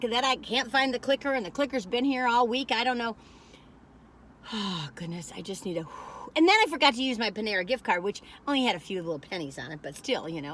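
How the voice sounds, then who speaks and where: A woman's voice: mid-range voice, fairly bright tone, a little hiss or hum. Rambling, chatty older woman in a car. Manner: rambling, folksy, chatty, giggly asides. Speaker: food review vlogger. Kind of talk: casual chatty food review. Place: parked car. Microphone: phone camera.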